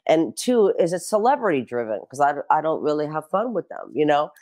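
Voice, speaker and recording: A woman's voice: low voice, brisk. Brief: middle-aged woman, brash storyteller, loves a punchline and a curse. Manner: animated storyteller who swears and acts out quotes. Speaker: guest. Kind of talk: casual chat.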